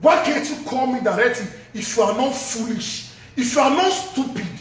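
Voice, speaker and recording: A man's voice: extremely high pitch, lively intonation, moderate pace. A man ranting heatedly in a Nigerian Pidgin accent, hurling insults. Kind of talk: angry social media rant. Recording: echoey room from far off.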